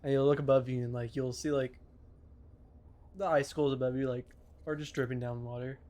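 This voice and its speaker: A man's voice: medium pitch, steady tone, brisk, a little mellow. A man narrating a tabletop game as game master, in loose descriptions full of fillers.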